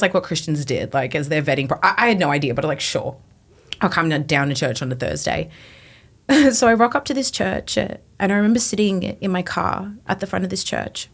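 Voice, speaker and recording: On a podcast, a guest in her twenties animatedly recounts her personal testimony, playing out her former thoughts. She speaks at a medium pitch.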